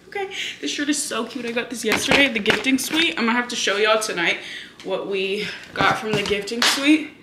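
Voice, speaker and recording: A woman in her twenties, from Hawaii, chatting fast and heatedly to camera in a casual vlog, full of profane storytelling. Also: fairly high pitch, expressive. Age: 20s. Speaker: vlogger. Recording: echoey room with faint noise.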